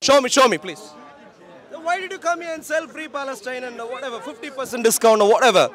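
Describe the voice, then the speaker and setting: A man preaching in the open air on a city street, his voice sitting very high as he projects loudly to passersby. He argues in a confrontational way, pressing people to answer him. A faint murmur of a crowd is heard behind him. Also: lively intonation, quick pace.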